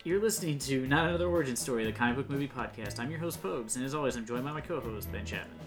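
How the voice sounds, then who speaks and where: A man's voice: medium pitch, lively intonation, racing, music in the background. Dry-humored male podcast host. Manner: dry, teasing, blunt. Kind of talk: casual podcast banter.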